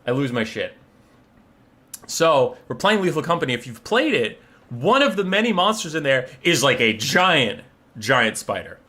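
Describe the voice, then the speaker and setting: A young man hosting a live stream, chatting casually and telling stories in an animated, profane way. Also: a little high, normal speed.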